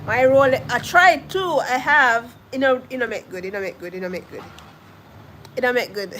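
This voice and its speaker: A woman's voice: fairly high pitch, normal speed, a bit bright, a little hiss or hum. A young Jamaican woman with a Jamaican accent chatting casually on a live stream, laughing often as she answers viewers' comments. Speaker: vlogger reading live comments.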